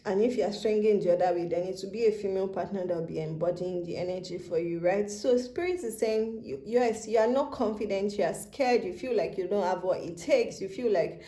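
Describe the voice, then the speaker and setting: A woman's voice: mid-range voice, brisk, few pauses, mellow, roomy sound. A woman giving a channeled tarot reading, speaking tenderly to the listener and near tears as she talks. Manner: tender, emotional, addresses listener as baby and love. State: tearful, near crying. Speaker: tarot reader. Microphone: handheld phone camera.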